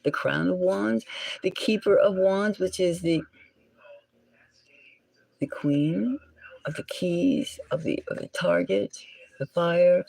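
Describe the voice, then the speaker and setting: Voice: medium pitch, animated, slow, gravelly, a little mellow, no room sound, poor audio. A tarot reader and channel host giving a solo reading in a musing way, often dropping into a whisper and stopping to correct words.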